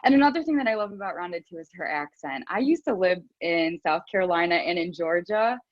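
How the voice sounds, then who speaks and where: A woman's voice: lowish voice, animated, quick pace, no echo, lo-fi sound. A woman on a group video call, gushing about a friend in a casual, bubbly way and laughing often. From Cleveland area. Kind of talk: casual heartfelt tribute.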